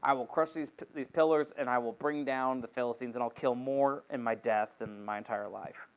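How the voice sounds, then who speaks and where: A man's voice: medium pitch, fairly even intonation, moderate pace, voice pushed down, natural voice, poor audio. A man voicing a boastful strongman hero in a casual, offhand way while retelling a story. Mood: earnest.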